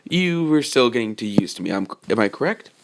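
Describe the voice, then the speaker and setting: Calm young mercenary guy, flat and matter-of-fact, a man reading him out. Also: mid-range voice, brisk. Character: calm young male mercenary hero student.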